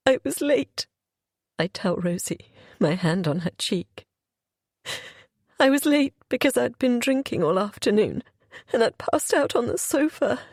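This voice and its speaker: A woman's voice: on the high side, a little mellow, no echo. A woman reading a first-person audiobook in an emotional, confessional way, close to a studio mic. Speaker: audiobook narrator.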